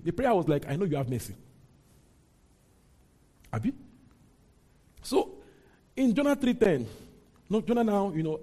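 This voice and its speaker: A preacher walks his congregation through scripture with an animated, conversational delivery. His voice sits a little high for a man yet sounds mellow and husky. He often slips into bursts of mock indignation to dramatize the story. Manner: animated, rising into mock outrage when voicing characters. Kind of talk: Bible teaching.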